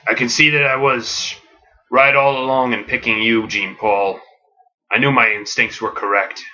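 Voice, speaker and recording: A man voicing a grim, brooding male vigilante hero in a comedic pitch, speaking low and menacing. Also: fairly even intonation, normal speed, sharp tone, dull audio. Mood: solemn.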